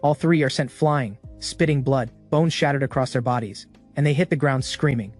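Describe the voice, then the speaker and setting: A man narrating a comic recap in an even, dramatic storytelling voice. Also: mid-range voice, normal speed. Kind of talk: scripted narration of a manhwa recap. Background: faint background music.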